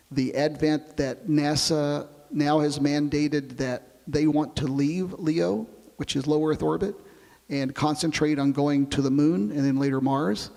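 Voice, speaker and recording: A man who flew as an astronaut, telling his experiences in an oral history interview in a relaxed storytelling way. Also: mid-range voice, in a large hall. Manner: relaxed storytelling, explains with comparisons.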